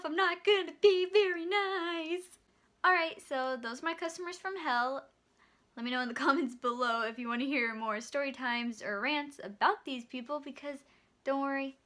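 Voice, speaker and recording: A young woman in her twenties tells a storytime vlog with a high voice. She is animated and acts out both sides of the scene, and her tone comes across bright and sharp. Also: moderate pace. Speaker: vlogger and store bakery clerk.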